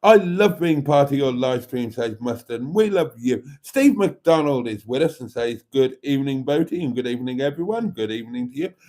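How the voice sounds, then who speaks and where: A man's voice: mid-range voice, expressive, moderate pace, hardly any pauses, darkish tone. A man hosting a casual livestream, reading out viewer comments and laughing heartily. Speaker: livestream host.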